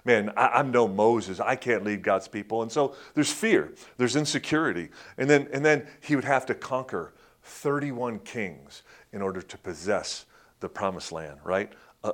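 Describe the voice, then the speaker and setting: A man preaching a sermon in a conversational way, with many fillers and restarts, who acts out quotes in a louder, higher voice. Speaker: pastor.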